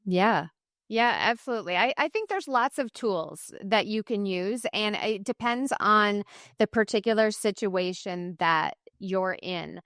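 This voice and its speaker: A woman in her forties, a running coach, talking casually as an interview guest, lively and laughing often. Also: mid-range voice, measured pace, dry recording, studio quality. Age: 40s. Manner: lively, laughs often, acts out quoted voices.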